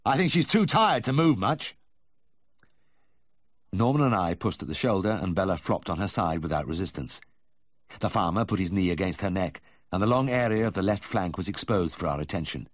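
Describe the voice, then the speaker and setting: A man reading a memoir aloud as audiobook narration, telling the story in a measured first-person voice. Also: sits low, no echo, clean studio sound. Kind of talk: scripted narration.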